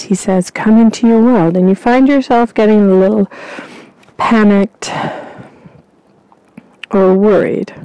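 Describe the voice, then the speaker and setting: Female intuitive host, soothing and unhurried, with a dark, mellow tone. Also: mid-range voice, smooth, no echo, poor audio. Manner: calm, slow, soothing guidance. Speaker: intuitive reader and vlog host. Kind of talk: channelled spiritual reading. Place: outdoors in winter.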